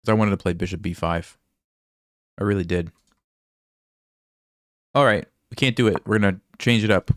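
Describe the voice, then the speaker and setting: Low-pitched male chess coach, voice going hoarse; easygoing play-by-play, dry close mic. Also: normal speed, long pauses, dry recording. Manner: relaxed, thinks aloud, asks viewers questions. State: hoarse, losing his voice, coughing. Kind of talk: casual live game commentary.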